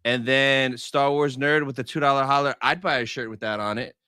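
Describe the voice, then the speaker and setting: A man's voice: medium pitch, steady tone, fairly quick, pushed and bright, smooth, no room sound, clean studio sound. A man co-hosting a live stream, upbeat and casual as he greets viewers in the chat.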